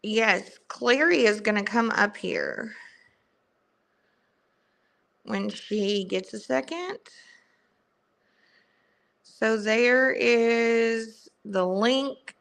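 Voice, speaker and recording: Young Southern woman host, bright clear voice, unhurried casual livestream chat. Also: on the high side. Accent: strong Southern US. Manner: chatty, greets viewers by name.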